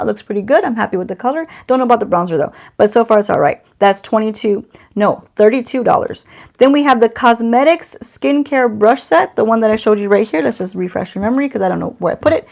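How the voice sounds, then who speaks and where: A woman's voice: fairly high pitch, gravelly. A middle-aged woman doing a casual beauty unboxing at home, chatty and self-teasing, talking to the camera and to someone off camera. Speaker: beauty vlogger.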